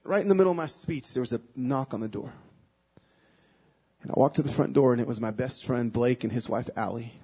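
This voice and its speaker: A man giving a sermon as a guest speaker, telling a personal story with emotion, moving between hushed and loud, pleading passages. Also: medium pitch, brisk, slightly rough, muffled recording.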